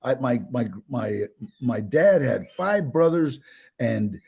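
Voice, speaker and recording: An older man telling his own life stories in a casual interview, animated, with many restarts and acted-out quotes. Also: mid-range voice, takes it slowly, creaky, breathy edge. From United States.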